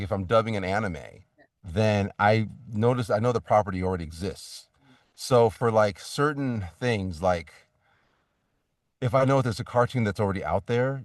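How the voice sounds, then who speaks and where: A deep-voiced man talks loosely as an interview guest, circling back and restarting his sentences. He sits well back from the microphone, and the room sounds dry with no echo. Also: far from the mic. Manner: rambling, many restarts and fillers, acts out sample reads. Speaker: voice actor guest. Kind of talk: casual interview talk.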